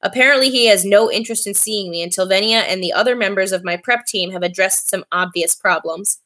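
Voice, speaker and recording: A woman reading a novel aloud in a steady, clear voice. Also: mid-range voice, brisk. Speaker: reader.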